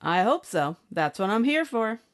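A woman's voice: mid-range voice, very animated, moderate pace, clear, resonant tone, natural voice. A woman voicing a brash, snappish spacefaring bosun. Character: tough, blunt young woman ship's bosun. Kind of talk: audiobook character acting.

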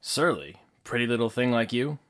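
A man voicing a smooth, flirtatious male antiques dealer in an audiobook, easygoing and teasing. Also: medium pitch, animated, normal speed, fairly bright tone, lightly acted. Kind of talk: audiobook character acting.

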